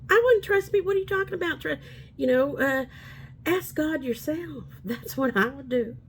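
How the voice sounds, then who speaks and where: A woman's voice: high-pitched, lively intonation, moderate pace, slight background noise. Rambling, upbeat woman in her forties. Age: 40s. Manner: chatty, rambling, upbeat and preachy. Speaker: vlogger. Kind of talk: casual talking-to-camera vlog.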